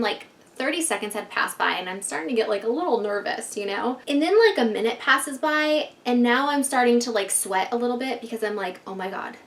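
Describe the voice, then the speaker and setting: A woman in her thirties telling a storytime vlog to her viewers in a casual, swearing way, filling her talk with "like". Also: a little high. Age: 30s. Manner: casual, fills every phrase with "like" and swears freely. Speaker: vlogger.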